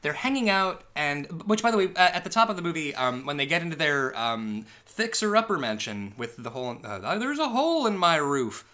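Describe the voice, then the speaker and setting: Bright-voiced wry podcast co-host. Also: medium pitch, very animated, a little fast, few pauses. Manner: chatty, wry, full of asides and fillers. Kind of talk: casual movie recap chat.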